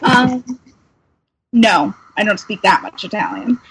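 A woman's voice: mid-range voice, animated, slow pace, fairly bright tone, husky, no echo, poor audio. A woman playing a character in a tabletop game, asking the game master short, direct questions. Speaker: player. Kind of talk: casual tabletop play.

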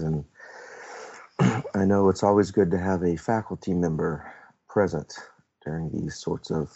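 A man with a deep, mellow voice introduces his tabletop character plainly and matter-of-factly. His voice is a touch husky, on a dull recording. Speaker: tabletop game player.

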